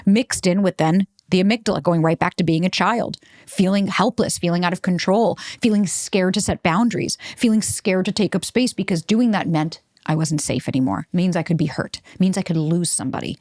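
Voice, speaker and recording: A woman hosts a self-help podcast, talking fast and bluntly with frequent swearing. Her voice sits fairly low, and she acts out the voices of the people she quotes. The recording is close and dry. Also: darkish tone, dry recording. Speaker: podcast host.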